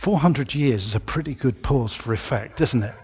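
An older man preaching a sermon in a church, slow and emphatic, with dramatic pauses and bursts of projection. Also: mid-range voice, husky, lo-fi sound.

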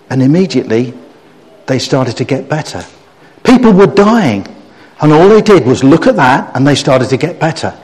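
Lively storytelling preacher man in a reverberant hall. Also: mid-range voice. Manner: animated storyteller who acts out quotes and gets the audience to join in. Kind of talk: story-based sermon talk. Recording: long reverb of a large hall.

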